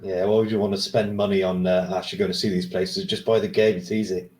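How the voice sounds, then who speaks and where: A man's voice: deep voice, level tone, fast talker, a little mellow. A man in a casual gaming chat, joking around and firing off questions. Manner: jokey, fires off questions. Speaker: co-host.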